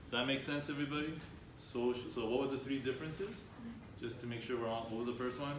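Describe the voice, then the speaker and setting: A man's voice: mid-range voice, fairly even intonation, fast talker. A man leading an interactive workshop for students, upbeat and coaxing the audience with questions. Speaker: workshop speaker. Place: room with students. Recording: echoey room, faint background noise.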